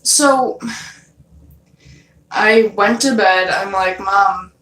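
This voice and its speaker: This young woman is a vlogger recounting a dream in a loose, casual style, cursing often and filling her speech with fillers. She talks slowly in a mid-range voice that's a bit bright. She's captured from a distance, off mic, in a roomy space.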